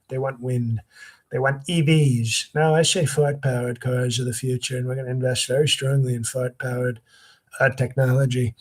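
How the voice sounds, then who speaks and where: A man's voice: mid-range voice, slightly rough, close to an everyday voice. A man doing a comedic impression of a boastful, crude older male president who rambles and drags out his phrases. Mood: rambling.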